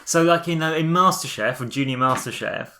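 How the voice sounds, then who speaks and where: A man's voice: on the high side, fairly quick, pushed and bright, slight background noise. A man co-hosting a casual chat with his child, telling puns and laughing at his own jokes. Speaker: podcast co-host, father.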